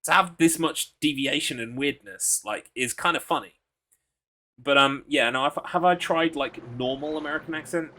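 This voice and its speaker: A man's voice: on the high side, moderate pace, bright, forceful tone, slight background noise. A British man streaming a horror game, chatting casually in a rambling, self-deprecating way. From United Kingdom. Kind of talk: casual live-stream chat. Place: home streaming setup.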